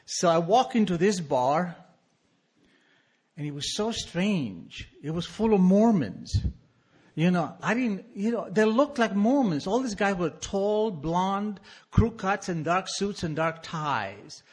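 A man's voice: sits high, expressive, slow pace, breathy edge. A middle-aged man from Argentina with an Argentine Spanish accent, telling a wry, self-mocking story to a live audience on a stage microphone.

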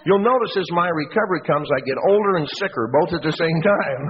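A man with a slightly high voice tells a self-mocking, funny story to a big audience. The recording is dull and lo-fi, with long reverb from a large hall and faint hiss in the background. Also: lively intonation, quick pace, a crowd in the background. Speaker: recovery meeting speaker. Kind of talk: humorous storytelling talk.

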